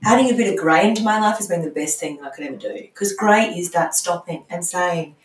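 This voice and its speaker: Middle-aged woman, coaching client; candid, searching delivery, low register, distant roomy mic. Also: brisk, few pauses. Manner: candid, searching, trailing restarts. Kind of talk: reflective podcast conversation.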